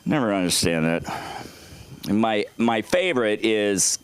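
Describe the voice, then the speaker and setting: A man doing a rambling, profane stand-up set on a comedy club stage, jumping into loud high bits. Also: lively intonation, unhurried, smooth. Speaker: stand-up comic.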